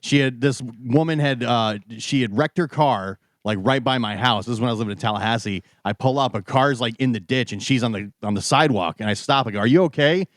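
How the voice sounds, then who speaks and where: A man on a radio show telling a story with lively, acted-out voices in casual banter. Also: mid-range voice, a little fast, hardly any pauses, dry recording, clean studio sound. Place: radio studio.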